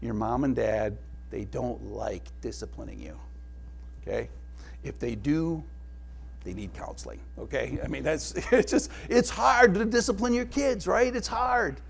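A middle-aged male pastor giving a sermon, telling family stories with laughs and dropping to a hushed tone for prayer. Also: on the high side, animated, unhurried, vocal fry, slightly rough.

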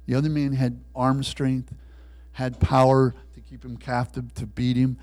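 A man preaching a sermon, telling a story and acting out the voices in it, swinging between loud bursts and hushed lines. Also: medium pitch, monotone, unhurried.

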